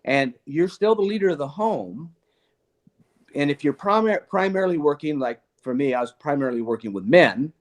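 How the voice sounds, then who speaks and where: A retired police chief, now an older man, talks casually and earnestly about leadership and parenting in a voice on the high side at normal speed. His storytelling is animated and conversational, full of laughter and restarted sentences.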